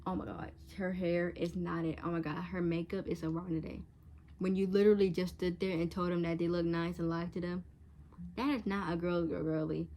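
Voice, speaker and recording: A woman's voice: lowish voice, flat delivery, brisk, dark tone, a little hiss or hum. A teenage girl vlogger giving frank, chatty advice straight to camera, casual and blunt. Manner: chatty, frank, acts out catty voices in quotes.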